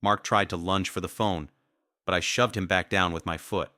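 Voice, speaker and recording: Casting: deep, slow, cold male storyteller, bright dry read. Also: steady tone, no echo. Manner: cold menacing. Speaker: narrator. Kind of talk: scripted first-person story narration.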